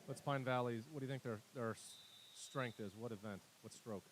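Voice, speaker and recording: A man's voice: medium pitch, slight background noise. Chatty male swim co-commentator. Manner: chatty asides and quick race calls. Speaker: color commentator. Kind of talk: livestream sports commentary.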